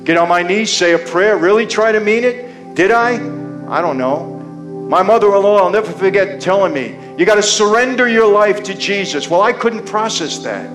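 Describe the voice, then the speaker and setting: A man giving an impassioned faith testimony on stage, addressing the audience directly as "people" with dramatic pauses. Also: high voice, animated, over music.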